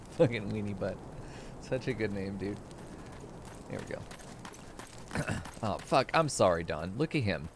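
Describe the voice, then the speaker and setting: A man's voice: on the low side, expressive, unhurried, long pauses, slight background noise. A man streaming a game, joking crudely and laughing often in casual commentary.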